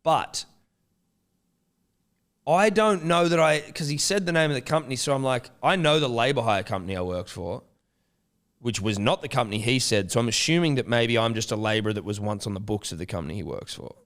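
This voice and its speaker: A man co-hosting a podcast, telling a story in a loose, animated and sweary casual chat. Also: medium pitch, brisk. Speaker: podcast co-host.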